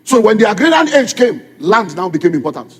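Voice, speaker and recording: A man's voice: sits high, very animated, brisk, husky. A middle-aged man with a Nigerian accent, preaching a sermon as a pastor, firing repeated rhetorical questions at his congregation. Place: church. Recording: long reverb of a church hall.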